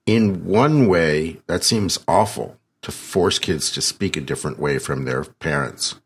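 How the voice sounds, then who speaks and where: A very deep man with a husky, slightly rough voice. He hosts a podcast with a loose, joking manner, poking fun at himself as he rambles. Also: lively intonation, a little slow. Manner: jokey, rambling, self-deprecating. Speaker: podcast host. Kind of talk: conversational podcast interview.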